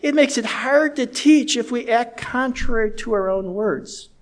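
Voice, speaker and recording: A middle-aged man preaching a sermon in a measured, earnest way, slowing down to stress key words. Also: very high-pitched. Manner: measured, earnest, slows down for emphasis.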